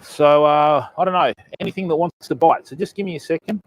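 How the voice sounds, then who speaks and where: A man's voice: fairly high pitch, a little fast, no echo, low-quality recording. An Australian man chatting casually with viewers on his live stream while fishing outdoors at night, greeting each viewer by name and calling them mate and bud. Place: remote beach at night, outdoors.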